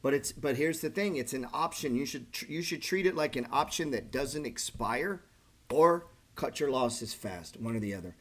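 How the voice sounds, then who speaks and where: A middle-aged man with a slightly husky voice hosts a casual trading livestream. He talks bluntly and profanely, rambling in loose, conversational sentences full of "man" and "bro". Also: mid-range voice, lively intonation, moderate pace, a bit bright. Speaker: trading channel host.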